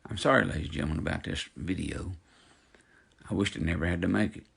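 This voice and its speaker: Deep gravelly man in his fifties, ranting. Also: fast, fairly bright tone. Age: 50s. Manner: indignant, preachy, addresses followers directly. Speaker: social media personality. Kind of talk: angry direct-to-camera rant.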